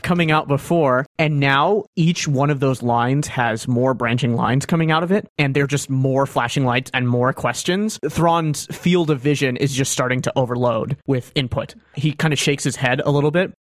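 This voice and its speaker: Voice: mid-range voice, moderate pace, few pauses, no room sound. Player narrating a scene, very dry sound. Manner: descriptive, with many fillers. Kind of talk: narrating a tabletop game.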